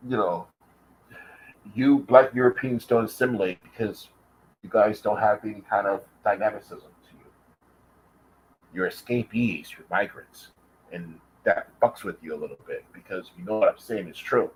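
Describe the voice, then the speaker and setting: A man's voice: fairly low pitch, moderate pace, slight background noise, low-quality recording. An American man delivering an angry, profane vlog rant, taunting and calling out his target directly. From United States. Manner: profane and confrontational. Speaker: vlogger.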